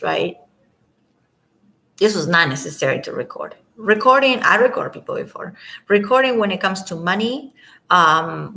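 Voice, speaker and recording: This is poor audio from a camera mic: a woman with a fairly low-pitched voice, live streaming alone at home at night. She offers casual, rambling commentary, addresses her viewers directly, and tends to fade out softly at the ends of thoughts.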